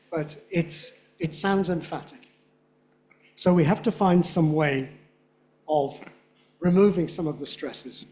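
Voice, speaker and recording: An older man lecturing at a conference, speaking slowly and deliberately. His voice sits fairly high for a man, and he drills example phrases by repeating them. He sounds like a teacher walking an audience through pronunciation. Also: a little mellow. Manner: demonstrates rhythm by slow drilled repetition.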